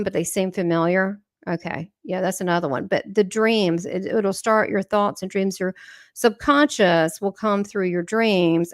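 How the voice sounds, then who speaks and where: A woman's voice: medium pitch, no room sound, clean studio sound. A middle-aged woman, hosting a livestream as a channeler and talking to viewers in a chatty, rambling way, acting out the dialogue she quotes. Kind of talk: casual livestream talk to viewers.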